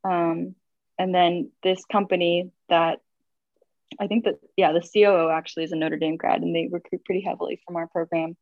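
A woman's voice: fairly low pitch, little pitch movement, moderate pace, dry recording. A young woman in her twenties rambles through a story, leaning on fillers and asides. Her voice comes through dull and a little muffled. The sound is dry and close, with no room around it. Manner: chatty storytelling, filler-heavy. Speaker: guest. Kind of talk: casual chat. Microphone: phone on video call.

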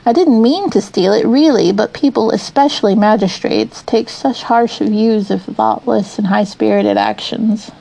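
A woman reading as a boastful, self-pitying male toad gentleman who pleads and excuses himself dramatically in an audiobook. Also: on the high side, a little slow, gravelly, few pauses, rough recording. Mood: excusing.

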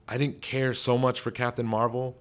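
A man's voice: medium pitch, level tone, moderate pace. A man, a father, giving casual, chatty and emphatic commentary as the host of his own show. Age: adult father.

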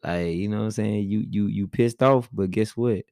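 Blunt laid-back man, low voice, dry sound. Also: moderate pace, a little mellow, no echo. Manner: blunt, laid-back, argumentative, says "bro" often. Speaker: husband in a couple's vlog. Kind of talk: casual chat.

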